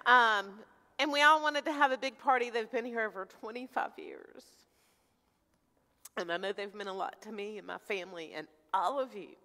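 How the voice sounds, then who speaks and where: A woman's voice: mid-range voice, normal speed, pushed and bright. A woman pastor leading prayer, heartfelt and informal, close to tears. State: near tears. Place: church sanctuary. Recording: hall reverb with faint music.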